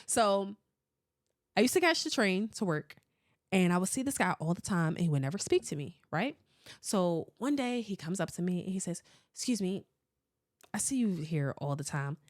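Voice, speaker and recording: A woman, hosting a podcast and chatting casually, animated and often laughing as she rambles through stories. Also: fairly low pitch, normal speed, no echo, clean studio sound. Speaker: podcast host. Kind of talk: casual chat reading listener comments.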